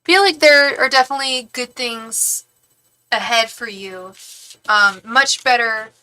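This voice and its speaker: A woman's voice: on the high side, measured pace, sharp tone, clean tone, rough recording. A woman tarot reader on a live stream, chatting casually and affectionately with viewers, with lots of fillers.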